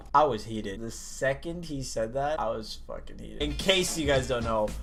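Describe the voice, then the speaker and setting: A man's voice: medium pitch, animated, moderate pace, over music. A young man, a college student, casually telling a story to his viewers, swearing freely as he goes. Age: young adult. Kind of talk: story time commentary.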